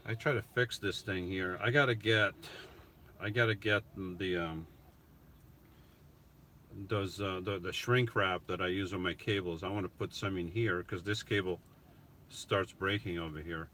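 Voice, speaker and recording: Middle-aged man, slightly low voice, crisp forceful tone, casual livestream chat, phone mic in a van. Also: steady tone, a little slow, a little hiss or hum. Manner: chatty, reads viewer comments aloud and answers them. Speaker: vlogger hosting a live Q&A.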